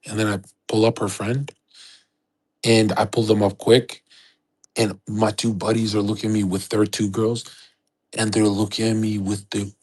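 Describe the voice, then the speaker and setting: A man with a fairly low, husky voice, rambling through a story on his livestream. He brags freely and swears often, in loose, casual storytelling. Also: flat delivery, moderate pace, a little mellow. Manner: profane, boastful, rambling.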